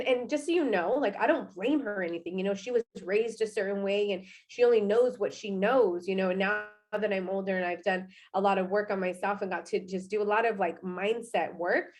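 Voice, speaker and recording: A young adult woman telling her personal success story in an energetic, chatty way, often asking "right?" and saying "y'all.". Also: mid-range voice. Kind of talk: personal testimonial talk.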